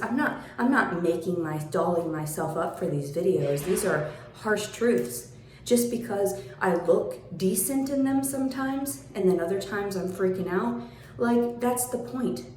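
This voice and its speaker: A woman ranting in a vlog, sarcastic and mocking, swearing and swinging between high taunts and low mutters. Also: dark tone, a little hiss or hum. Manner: sarcastic, mocking, calls the listener "honey". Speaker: vlogger. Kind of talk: angry vlog rant. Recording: very echoey room.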